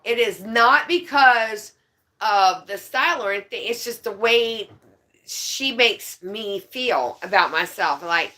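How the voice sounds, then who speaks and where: A woman's voice: mid-range voice, expressive, slow, pushed and bright. A woman venting in heated, profane rants while chatting at home.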